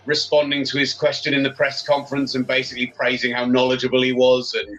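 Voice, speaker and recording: Bright-voiced man, chatty storyteller. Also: medium pitch, monotone, fast, soft background music. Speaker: sports radio presenter, guest. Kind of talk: casual podcast chat. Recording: slightly dull, lo-fi sound.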